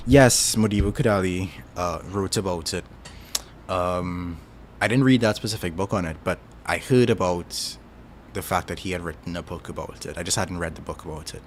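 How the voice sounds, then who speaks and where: Trinidadian guy w a deep voice, rambly easygoing stream chat, lots of likes and ums. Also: moderate pace, slight background noise. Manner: rambling, thinks aloud with many fillers. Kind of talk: casual chat.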